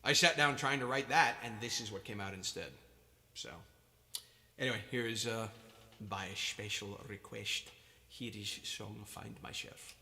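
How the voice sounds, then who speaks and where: A man's voice: fairly low pitch, a little slow, vocal fry, bright, forceful tone. A man who is a musician hosting a live stream, chatting casually between songs in a rambling, self-mocking, jokey way. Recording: reverb with guitar in background.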